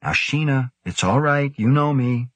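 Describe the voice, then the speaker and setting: A man voicing a cheerful male scientist who speaks brightly and gently, as if to a small child. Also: low voice, sing-song, slow pace, no echo, full character voice. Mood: coaxing. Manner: bright, coaxing, as if to a toddler.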